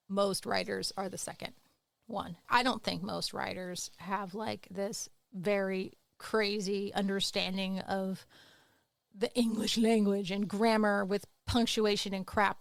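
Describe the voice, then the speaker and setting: A woman chats on a writing podcast, jumping between lively explanation and playful teasing as she would with her students. Her voice is mid-pitched and sits close to the mic in a dry, unreverberant recording. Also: measured pace, gravelly, dry recording. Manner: animated, playful teacherly asides. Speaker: podcast co-host. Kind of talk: casual podcast chat.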